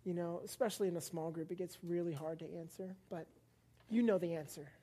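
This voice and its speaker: A woman's voice: fairly low pitch, fairly even intonation, a little fast, warm tone. A young woman giving a casual, playful sermon to a live congregation, chatting with them, laughing often and acting out little scenes. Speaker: preacher. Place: church service before a live congregation.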